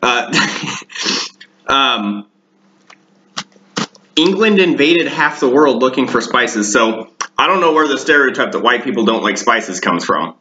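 Deadpan man with a bright voice, echoey room. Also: medium pitch, measured pace, a little hiss or hum. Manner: deadpan, darkly joking, rambling. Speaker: home cooking show host. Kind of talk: casual cooking vlog. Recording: echoey room, dull lo-fi sound.

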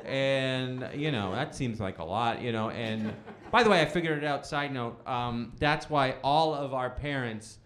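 A man's voice: mid-range voice, a little slow, few pauses, fairly bright tone. A man in his thirties doing a stand-up comedy set in a bowling alley venue, telling stories animatedly and acting out the dialogue in shifting voices. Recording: roomy live venue with crowd laughter.

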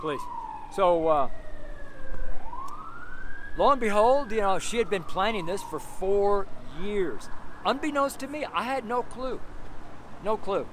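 A man's voice: sits high, expressive, unhurried, pauses often, a bit bright. A man giving an earnest, rambling personal testimony as a street preacher, full of "you know" fillers and repeated phrases, recorded outdoors near street traffic.

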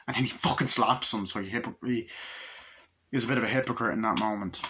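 Male film reviewer, lowish voice, casual and profane, tends to ramble. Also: sharp tone, a little hiss or hum. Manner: profane, rambling, retells scenes with quick quoted lines. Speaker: movie reviewer.

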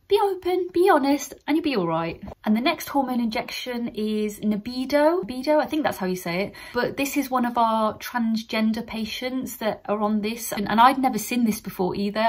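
A British woman in her thirties, a practice nurse, talking candidly and chattily in a casual vlog, laughing at herself now and then. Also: mid-range voice.

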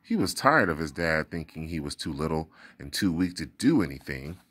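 Man, storybook read-aloud, deep low voice, very lively intonation, dramatic reading. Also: normal speed, breathy edge. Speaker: storybook reader.

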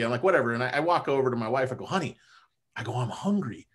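A man recounts his own story as a podcast guest in a relaxed, lively conversational way. His voice sits at an ordinary middle pitch for a man. He keeps the story rolling with easygoing asides. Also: quick pace. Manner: animated, conversational, drops "man" and "you know" often. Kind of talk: casual personal storytelling.

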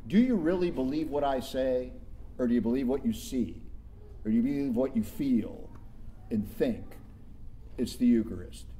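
A man's voice: on the high side, darkish tone. A middle-aged male pastor delivering a sermon in a church, emphatic and conversational, with rhetorical questions.

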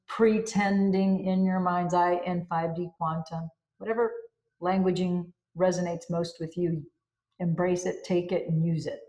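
A woman with a slightly low voice, talking slowly and deliberately like a self-help host. She stretches out lists of words one at a time. Her voice sounds echoey, as if recorded in a bare room. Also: darkish tone. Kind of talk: spoken reflection on a self-help book.

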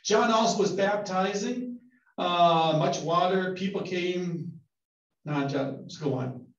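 Casual, joking male pastor. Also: high-pitched. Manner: casual, joking, asks the group questions. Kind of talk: conversational bible study teaching. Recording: roomy, distant, dull sound.

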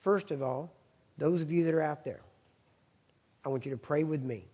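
Gravelly preacher man in an echoing hall. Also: fairly high pitch, normal speed. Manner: leads congregation in repeat-after-me prayer, loud and emphatic; conversational, asks audience for agreement. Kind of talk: sermon. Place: large hall with congregation. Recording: dull recording with long hall reverb.

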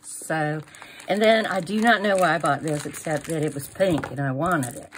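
Speaking at a normal speed in a low-pitched voice, over a faint hiss or hum, a middle-aged woman walks through her crafting haul. This show-and-tell vlog is casual, with her gushing over items and trailing into fillers.

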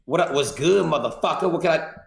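A man in casual roleplay banter, loud, excitable and halting. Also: a little high, vocal fry, echoey room.

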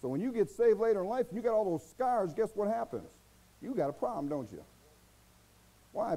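A folksy male pastor preaches a sermon with a fairly high, very lively voice. He talks plainly with asides, slipping from low mutters to loud, high outbursts, in a mellow, dark tone. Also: slightly rough, poor audio. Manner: swings from low murmurs to loud, high bursts.

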